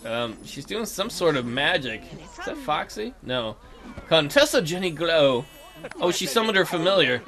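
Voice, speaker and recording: A young man giving casual, joking gameplay commentary. He gets excited fast and plays out the game characters' lines as he talks. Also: fairly high pitch. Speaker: let's play gamer.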